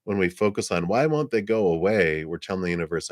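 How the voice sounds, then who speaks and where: A man hosting a live psychic reading stream, talking in a rambling, gentle way with frequent laughs and fillers. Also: deep voice, expressive, fast, dry recording, studio quality. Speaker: psychic reader.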